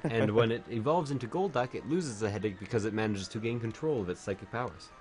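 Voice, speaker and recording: A man's voice: on the low side, fast talker, darkish tone, soft background music. A man streaming a video game while drunk, chatting casually, rambling and swearing a lot.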